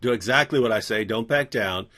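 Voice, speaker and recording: A man voicing a persuasive male leader who makes grand promises in a slow, coaxing way. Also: lowish voice, sharp tone, pitched below the performer's own voice.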